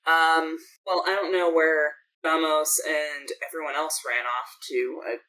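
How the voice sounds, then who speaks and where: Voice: medium pitch, level tone, unhurried, sharp tone, low-quality recording. A game master voicing an exhausted, sarcastic woman who works as a medic in a clown troupe, talking in a dry, weary way that trails off. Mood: apologetic. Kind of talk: tabletop game role-play.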